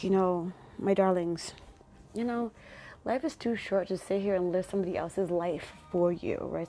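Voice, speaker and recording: A woman's voice: lowish voice, mellow. A woman hosting her own podcast, talking casually and affectionately to her listeners with pep-talk encouragement. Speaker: podcast host. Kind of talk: casual solo podcast monologue.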